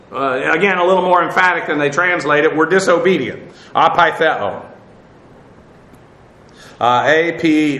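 Male Bible teacher, methodical, spells Greek words aloud, lots of "uh"s; bright tone, echoey room. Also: fairly high pitch, measured pace. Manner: frequent "uh" fillers and restarts.

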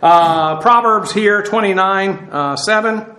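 A man's voice: sits high, takes it slowly, sharp tone, reverberant. A middle-aged man preaching, teaching verse by verse in a plain conversational way with many fillers and restarts. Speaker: pastor. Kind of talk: sermon.

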